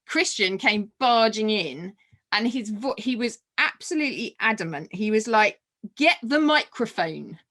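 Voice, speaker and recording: A woman, a podcast guest telling a personal story in an animated way, laughing often and restarting her sentences. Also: mid-range voice, moderate pace.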